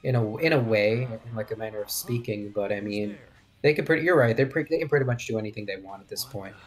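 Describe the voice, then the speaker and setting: A low-pitched man calls a live speedrun match over soft music. He rambles and thinks aloud, often turning to his co-host for a nod. It sounds like a headset mic on a live stream. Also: fast, breathy edge. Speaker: commentator.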